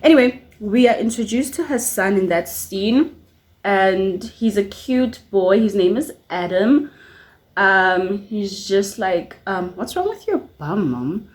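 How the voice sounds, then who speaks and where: A young woman talks in a relaxed, chatty vlog. Her is clear, and she is lively and rambling, with plenty of fillers and asides. Her pitch sits in an ordinary middle range. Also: takes it slowly. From South Africa. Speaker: YouTuber. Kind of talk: casual series recap vlog. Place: at home at her makeup mirror.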